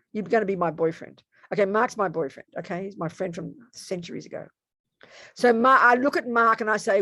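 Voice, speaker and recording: A woman's voice: medium pitch, dry recording. Chatty woman teaching meditation, dry close sound. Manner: chatty, playful asides, self-correcting. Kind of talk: casual dharma teaching talk. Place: home room.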